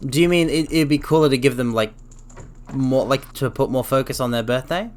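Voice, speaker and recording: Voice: medium pitch, brisk, a little mellow. A game streamer chatting casually while playing, rambling playfully and dropping into silly sound effects.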